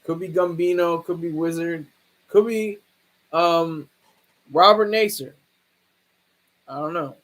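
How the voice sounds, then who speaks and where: A man hosting a livestream, talking through a case in a rambling, halting way with many restarts. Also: fairly high pitch, steady tone, a bit bright, poor audio. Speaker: livestream host. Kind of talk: casual livestream commentary.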